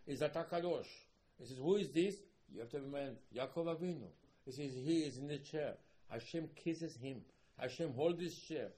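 A man teaching a Torah class as a sermon in halting, broken English, repeating himself and breaking into sudden loud emphatic bursts. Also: a little high, poor audio. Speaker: religious teacher.

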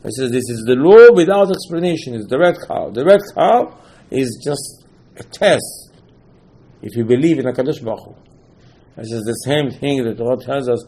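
A man's voice: mid-range voice, warm tone. A man giving a Torah sermon with non-native English sprinkled with Hebrew terms, telling stories with dramatic asides and rhetorical questions. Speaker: rabbi teaching Torah.

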